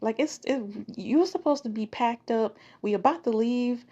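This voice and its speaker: A woman voicing her older grandmother, scolding in a brisk, nagging voice. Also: a little high, dark tone, lo-fi sound, pitched above the performer's own voice, lightly acted.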